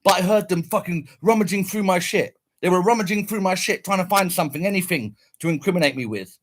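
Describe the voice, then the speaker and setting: Husky, furious swearing man. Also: high voice, fast talker, hardly any pauses. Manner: swearing, bitter, repetitive. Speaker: man recounting a police raid. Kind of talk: angry personal rant.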